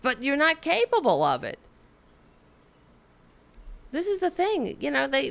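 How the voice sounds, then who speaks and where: A woman's voice: sits high, huge pitch swings, unhurried, creaky, pauses often, fairly bright tone. A woman hosting a political podcast, ranting angrily with lots of swearing and repeated restarts. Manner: angry, profane, repetitive ranting. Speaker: podcast host. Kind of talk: political commentary rant.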